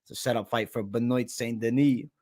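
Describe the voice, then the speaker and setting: A man's voice: mid-range voice, fairly even intonation, fairly quick, darkish tone. A man hosting a live stream, chatting casually in a brash, profane way, peppering his talk with "bro" as he answers viewer questions. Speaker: host of a live betting show.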